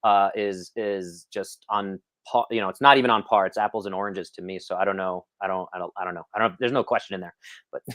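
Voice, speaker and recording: Low-voiced male podcast host, dry sound. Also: steady tone, a little fast, fairly bright tone, no room sound. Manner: storytelling, self-deprecating, many fillers. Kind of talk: casual interview chat.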